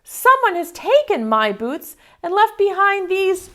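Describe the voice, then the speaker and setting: Squeaky, wailing baby bear girl, put on by a woman reading a storybook; high, loud, slow. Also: sing-song, heavily acted. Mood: upset. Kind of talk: storybook read-aloud.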